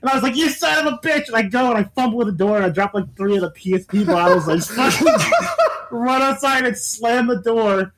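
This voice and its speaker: A man's voice: high-pitched, fairly quick, fairly bright tone, a little hiss or hum. A man in casual podcast chat, animatedly telling a story, laughing often and swearing a lot. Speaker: podcast co-host.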